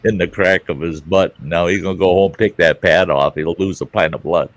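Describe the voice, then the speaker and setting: A man's voice: sits low, steady tone, moderate pace, no room sound. A man hosting a casual livestream chat, telling a rambling, crude anecdote full of swearing. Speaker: livestream host.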